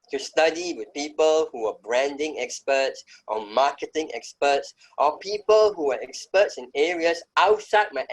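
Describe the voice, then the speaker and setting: A man's voice: fairly high pitch, rough recording. A middle-aged man speaking as an interview guest, telling his story in an emphatic, reflective way. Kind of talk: conversational interview.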